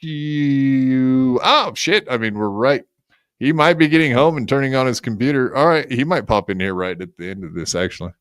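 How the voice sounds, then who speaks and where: A man's voice: medium pitch, a bit bright, no echo, studio quality. A man hosting a podcast in casual chat, delivering profane, mocking rants. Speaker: podcast host.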